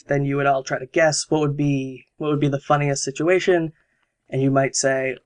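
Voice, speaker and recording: A man's voice: medium pitch, little pitch movement, fairly quick. A man hosting a podcast, casually explaining exercises step by step with examples. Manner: explanatory, walks through steps with examples. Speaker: podcast host.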